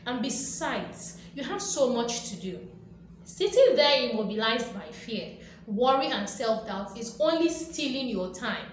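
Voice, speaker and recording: A woman's voice: fairly high pitch, big pitch swings, measured pace. A woman hosting a motivational talk, speaking emphatically and repetitively, with playful acted-out quotes. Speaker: motivational video host. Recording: very echoey room with faint background noise.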